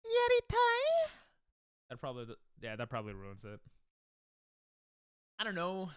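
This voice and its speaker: A man's voice: mid-range voice, big pitch swings, normal speed, fairly bright tone, clean tone, no echo, clean studio sound. A man streaming a speedrun, chatting casually and joking with chat, laughing often.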